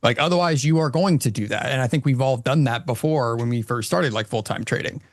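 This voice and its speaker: Man, trading panel guest; mid-pitched, dry close sound, candid and reflective. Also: a little fast, no echo. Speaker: trader on a live panel. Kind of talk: casual panel chat.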